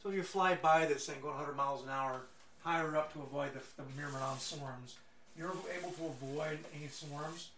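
Rambling game master. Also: male voice, a little high, fairly even intonation, a little fast, fairly bright tone. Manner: rambling with fillers and restarts. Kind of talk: narrating a tabletop game. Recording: echoey room from far off with faint noise.

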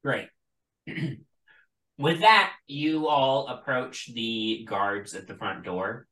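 A man's voice: medium pitch, extremely slow, bright, forceful tone, roomy sound, recorded from a distance, low-quality recording. A man running a tabletop game as game master, narrating unhurriedly with many fillers.

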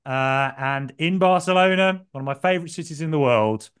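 A man co-hosts a football podcast in casual chat, his voice a little high, fairly bright, clear and resonant, at normal speed. He tells a long story in a rambling, self-deprecating way, packed with fillers.

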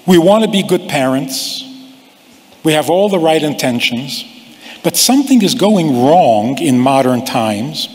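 A man giving a slow, deliberate sermon on family, acting out the voices he quotes. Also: fairly high pitch. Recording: long hall reverb.

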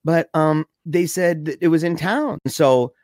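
A young man telling a scary story in a casual way, excited and slangy, saying dude and man a lot. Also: a little high, measured pace, dry recording, studio quality.

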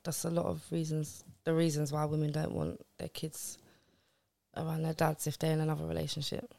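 A woman's voice: sits low, flat delivery, fairly quick, vocal fry, dark tone, no echo. A woman talking frankly and plainly in a casual chat.

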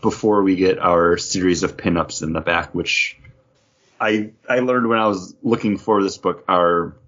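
A man's voice: low-pitched, a little slow, fairly bright tone, muffled recording. A man co-hosting a casual comics podcast, rambling with lots of fillers and joking asides. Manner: rambling, filler-heavy, jokey. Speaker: podcast co-host.

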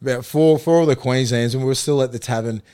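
A man's voice: medium pitch, fast, dark tone, clean tone. A man with an Australian accent, a former rugby league player, telling rambling, profane anecdotes with frequent laughter in a casual podcast chat.

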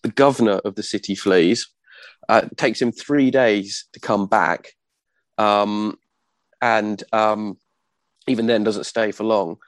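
A man giving an informal history talk from notes to a small audience, halting often with ums and self-corrections. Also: lowish voice, fairly even intonation, no room sound. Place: room with a small live audience.

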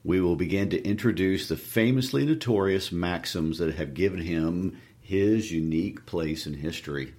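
Very deep-voiced male podcast co-host. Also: normal speed, few pauses, a little mellow. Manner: thoughtful, hesitant, frequent "uh" fillers. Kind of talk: conversational literary discussion.

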